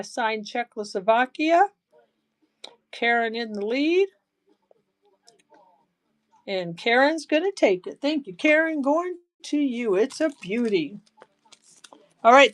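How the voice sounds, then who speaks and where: Live-sale host: woman, gushing, chatty, slow-paced delivery. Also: a little high. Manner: chatty, excitable, gushing over items. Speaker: live-stream jewelry seller. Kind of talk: live auction selling chat.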